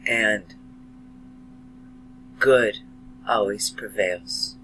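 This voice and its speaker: A man slowly and emotionally addressing his viewers in a monologue about his beliefs. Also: fairly low pitch, bright, forceful tone, slight background noise, low-quality recording. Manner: slow, emotional, heartfelt, dramatic pauses. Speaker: video blogger. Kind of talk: slow earnest monologue to camera.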